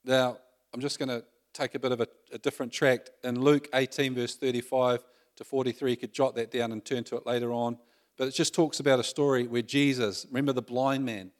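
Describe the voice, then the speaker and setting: A man's voice: mid-range voice, level tone, a little fast. Male preacher, conversational sermon, asks the room questions, mid-range voice.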